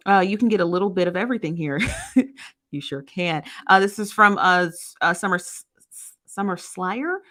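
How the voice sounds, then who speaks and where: A woman's voice: lowish voice, moderate pace, fairly bright tone. A woman hosting a casual live stream, reading viewer comments aloud and answering them. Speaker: host reading live chat.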